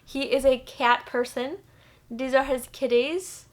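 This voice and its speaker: A young Texan woman chats through a plant unboxing for her channel, teary, emotional and gushing, her talk full of "like." Her voice sits high, with a steady tone and measured pace.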